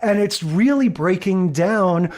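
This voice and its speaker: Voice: mid-range voice, animated, slow, darkish tone. A podcast co-host in a casual chat, giving thoughtful, reflective commentary on an old sitcom and agreeing often.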